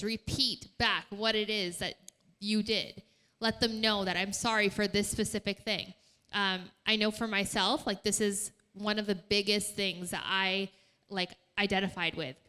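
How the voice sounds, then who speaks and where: A woman co-leading a relaxed talk at a church night. Her voice is bright and clear-edged, and she explains things earnestly, step by step. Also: mid-range voice. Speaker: co-presenter. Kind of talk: casual teaching talk on stage.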